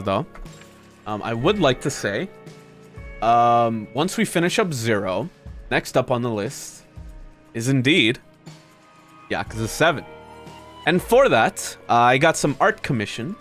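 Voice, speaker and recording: A man streaming a video game, chatting casually with viewers, swearing often and laughing between complaints about his run. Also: medium pitch. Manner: animated, swearing, frequent laughter. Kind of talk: casual gameplay commentary.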